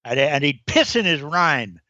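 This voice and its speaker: Guy putting on a breezy old comedian, chummy wisecracks, pitched up bright, dull dry lo-fi audio. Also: big pitch swings, measured pace, dry recording, full character voice. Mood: boastful. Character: old male showbiz comedian, breezy, cocky.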